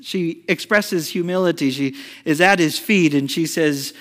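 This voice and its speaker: Male pastor, high voice, chatty animated preaching, echoing church hall. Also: normal speed. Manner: conversational, animated storytelling with rhetorical questions. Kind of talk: sermon.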